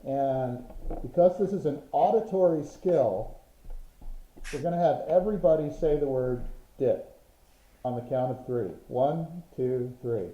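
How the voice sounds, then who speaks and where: A man's voice: mid-range voice, unhurried, mellow, slight background noise. A man teaching an online Morse code class, patient and methodical, sounding out rhythms with his voice. The sound is roomy and a bit dull, like a lo-fi video call. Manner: patient, explains with examples and rhythmic vocal sounds.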